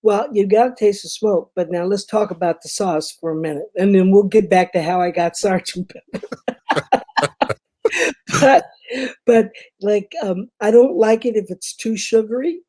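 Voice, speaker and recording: Chatty Southern woman with a mellow voice. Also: mid-range voice, unhurried. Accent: Memphis Southern. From Memphis, Tennessee. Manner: chatty storyteller, many fillers and asides. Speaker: guest, performer. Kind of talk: casual conversation.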